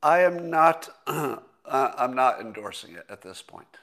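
A man's voice: mid-range voice, lively intonation, measured pace, fairly bright tone. Middle-aged guy rambling thru a solo stream, lots of ums and restarts, dry sarcastic edge. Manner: rambling, thinks aloud with fillers and restarts. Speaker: host. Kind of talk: casual solo livestream commentary.

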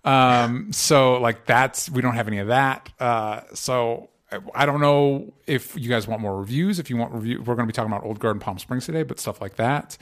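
Hosting his podcast in a casual chat, a young man speaks at a middle pitch with a fairly bright tone. Earnest and somewhat halting, he fills his talk with fillers and false starts.

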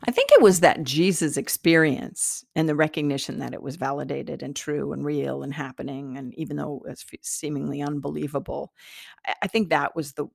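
A middle-aged woman, a podcast host and healer, tells a personal story earnestly and meanderingly, with many fillers and false starts. Her low, gravelly voice moves fairly quickly, and the sound is dry and close with no room sound.

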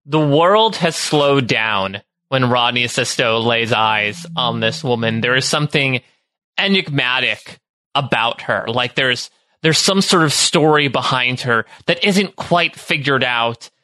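A man playing a tabletop role-playing game who talks in a quick, playful way. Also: mid-range voice, bright, forceful tone, no room sound. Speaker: player.

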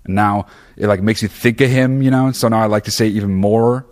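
A man with a notably low, deep voice delivers a loose, profane monologue straight to his listeners. He rambles and restarts his sentences, swearing freely as he pushes his opinions. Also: steady tone, fairly quick, darkish tone. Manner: frequent fillers and restarts. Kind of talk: casual monologue.

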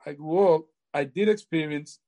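Older man, halting, repeats himself. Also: on the high side, dark tone. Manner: halting, repeats words often. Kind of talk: casual storytelling.

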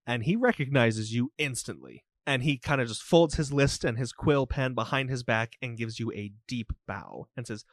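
A man narrating a tabletop game as game master in steady, descriptive detail. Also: medium pitch, moderate pace, hardly any pauses, dry recording.

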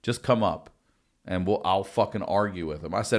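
A man's voice: fairly low pitch, fairly quick. A man telling stories in a casual podcast chat, cursing freely and acting out quoted dialogue. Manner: profane, animated storytelling with quoted dialogue. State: recovering from lung blood clots. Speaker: guest.

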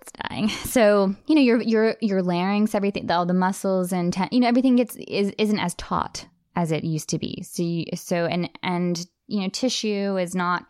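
A woman co-hosting a casual podcast chat, animated and explaining speech by acting out voices. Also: medium pitch, normal speed, hardly any pauses, no echo, studio quality. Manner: animated, demonstrates accents and voices while explaining; chatty, with many restarts and fillers. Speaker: podcast co-host.

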